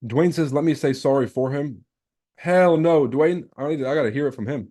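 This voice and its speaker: A man's voice: medium pitch, fast talker, warm tone. A man hosting a live trading stream, chatting casually, brash and teasing as he reads out the chat and swears freely. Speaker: trading livestream host.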